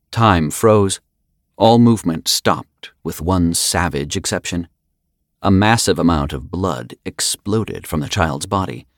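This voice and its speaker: Deep-voiced man narrating a dark story. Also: no echo, studio quality. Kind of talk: dramatic audiobook narration.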